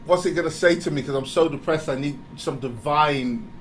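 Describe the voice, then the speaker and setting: Animated man in a confessional talk. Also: fairly high pitch, normal speed, a little hiss or hum, low-quality recording. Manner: animated, confessional, laughs often. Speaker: speaker. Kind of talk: candid motivational talk.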